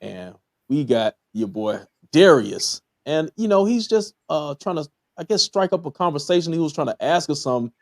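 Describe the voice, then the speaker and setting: A man's voice: on the high side, sing-song, moderate pace, vocal fry, dry recording, clean studio sound. A man with a Southern US accent, casually hosting a TV episode review, talking in a laid-back way with many fillers and chuckling at his own jokes. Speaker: podcast host reviewing a TV episode.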